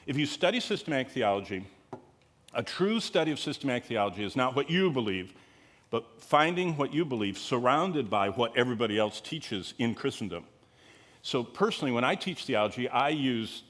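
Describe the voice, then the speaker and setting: A man with a slightly bright voice teaches the Bible to a live gathering. His talk is conversational and digressive, and he asks rhetorical questions of the listeners while pushing key words up in pitch for emphasis.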